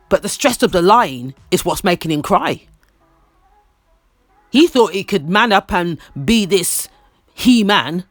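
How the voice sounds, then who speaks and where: A man's voice: high-pitched, a bit bright, no echo. Opinionated guy recapping reality tv, bouncy up and down voice, dry close sound, faint music behind. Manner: opinionated, repeats lines for emphasis. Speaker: reality TV commentator. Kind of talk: casual recap commentary.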